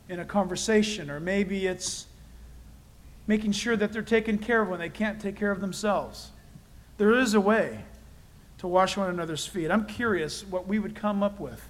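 A man with a noticeably high voice preaches a sermon to his congregation. He talks conversationally and leans hard on key phrases, repeating them for emphasis. He breaks in with candid, self-deprecating personal asides. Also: rough recording. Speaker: pastor.

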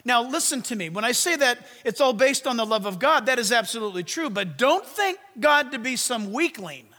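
A man preaching a sermon, swinging from loud commands to hushed asides. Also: very high voice, animated, fairly quick, big-room sound. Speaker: pastor.

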